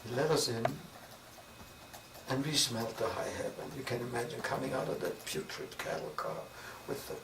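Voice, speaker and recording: A man's voice: medium pitch, vocal fry. Older Viennese-accented man recounting memories. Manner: measured storytelling with vivid recalled dialogue. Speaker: interviewee. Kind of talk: oral history interview. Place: interview room. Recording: roomy, distant mic with noise.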